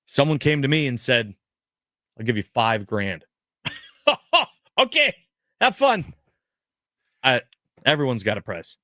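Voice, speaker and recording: A man's voice: medium pitch, normal speed, long pauses, bright, forceful tone, no echo, clean studio sound. A man co-hosting a sports radio show, joking and teasing in casual talk. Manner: joking, wrestling references, teasing. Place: radio studio. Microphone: studio microphone.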